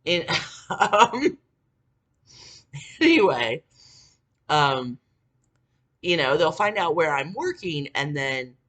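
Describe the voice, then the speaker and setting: A vlogger in their forties with a husky, breathy edge and a sharp, tense brightness to the voice. The pitch moves widely, from sunken mutters to shouted peaks. The talk is a rambling, profane monologue full of bitter grievance. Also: sing-song, takes it slowly, pauses often. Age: 40s. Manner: profane, bitter ranting with frequent filler words; swings from low muttering to shouted outbursts. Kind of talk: casual monologue to camera.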